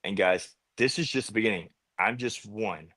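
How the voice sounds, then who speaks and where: A man speaking as a guest over a video call, earnest and halting, repeating words as he searches for what to say. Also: fairly low pitch, sharp tone, no room sound. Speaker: guest, veteran. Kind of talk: casual conversation.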